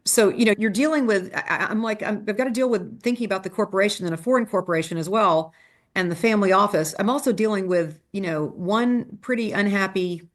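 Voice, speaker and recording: A woman trial lawyer, a podcast guest, telling stories with quick asides and restarts. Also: mid-range voice.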